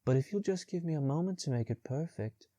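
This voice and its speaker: Soft-spoken meek woman read by a man, quiet, audiobook. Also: medium pitch, expressive, fast, dry recording, studio quality, pitched above the performer's own voice, lightly acted.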